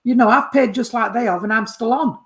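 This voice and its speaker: A woman's voice: a little high, fairly quick. Chatty woman medium. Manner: chatty, warm terms of address, keeps checking with the sitter. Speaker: spiritualist medium. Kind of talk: mediumship reading to a sitter.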